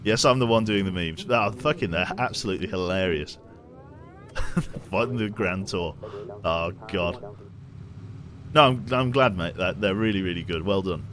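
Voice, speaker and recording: A man's voice: sits low, normal speed, long pauses, a bit bright. A young man streaming a game, chatting casually with viewers, reading chat aloud and swearing now and then. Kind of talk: casual gameplay commentary.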